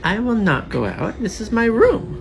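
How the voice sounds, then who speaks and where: A cat owner chats casually to her pet in playful, teasing baby talk. Her voice sits on the high side, very animated and creaky, at a moderate pace, with music playing behind it.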